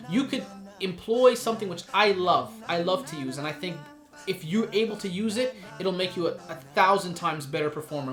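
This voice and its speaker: A man giving a casual lesson on performing poetry, animated and showing the delivery he describes. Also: high-pitched, roomy sound. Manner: animated, demonstrates voices and pauses. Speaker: spoken word poetry teacher.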